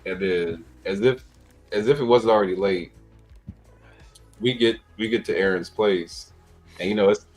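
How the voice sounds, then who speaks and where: A man's voice: on the low side, moderate pace, long pauses, soft background music, rough recording. A man hosting a podcast, telling a rambling story in a laid-back, profane, casual way. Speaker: podcast host.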